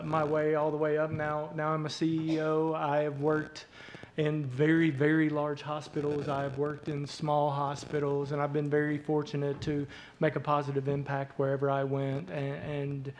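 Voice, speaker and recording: A man in his forties with an Arkansas twang, speaking as a hospital CEO at a council meeting, halting and full of fillers. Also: a little high, slight background noise, rough recording. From southeast Arkansas. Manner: halting, many fillers and repeated words. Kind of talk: public remarks at a council meeting.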